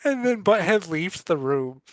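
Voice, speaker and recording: A podcast co-host chatting casually, retelling cartoon scenes in an animated way and often breaking into laughter. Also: mid-range voice, measured pace, no room sound. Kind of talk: casual chat.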